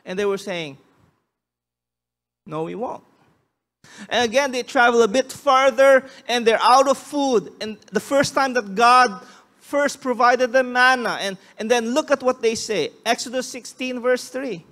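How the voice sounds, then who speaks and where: Male pastor, unusually high pitch, emphatic sermon delivery with frequent restarts. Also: moderate pace, a bit bright. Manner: emphatic preaching, acting out quoted voices.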